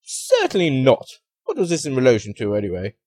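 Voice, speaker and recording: A man's voice: medium pitch, wildly swooping pitch, brisk, darkish tone, no room sound. A man voicing a pompous, dismissive male professor in a comic story.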